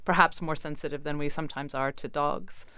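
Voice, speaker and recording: A woman with a deep, very smooth and resonant voice gives articulate expert commentary. Her voice sounds dry and close to the mic. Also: fairly even intonation, sharp tone, no echo. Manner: articulate, measured. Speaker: expert guest. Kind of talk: interview commentary.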